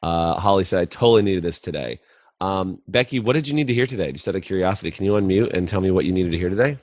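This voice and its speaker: A man's voice: sits low, very fast, a little mellow, no room sound, studio quality. A man hosting a group coaching call, upbeat and encouraging, inviting listeners to unmute and share. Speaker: host and business coach. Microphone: video call.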